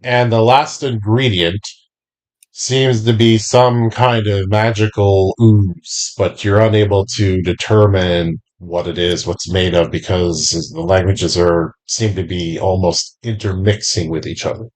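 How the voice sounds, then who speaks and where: A man running a tabletop game as game master, describing scenes slowly and deliberately. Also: sits low, fairly even intonation, a little mellow.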